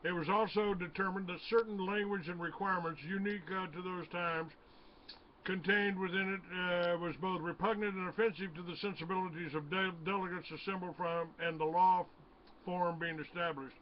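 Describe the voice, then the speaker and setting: A man hosting a talk radio interview, reading a passage and then asking questions, halting with many fillers. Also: high voice, fairly even intonation. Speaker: radio host. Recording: dull lo-fi radio audio with faint noise.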